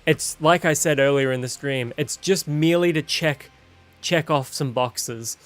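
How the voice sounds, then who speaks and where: A man's voice: a little high, measured pace, fairly bright tone. A man streaming a game and giving blunt, profane, opinionated commentary in a casual chat. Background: game music.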